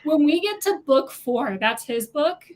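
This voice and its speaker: A woman hosting a casual online book club chat, gushing and animated about a series. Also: high voice, a little slow, a little hiss or hum. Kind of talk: casual group video chat.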